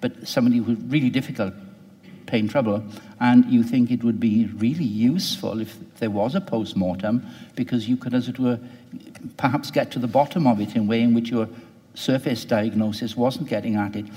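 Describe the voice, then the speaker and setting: A man's voice: medium pitch, a little fast, dark tone. Reflective male interviewer in a reverberant space. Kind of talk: thoughtful radio interview.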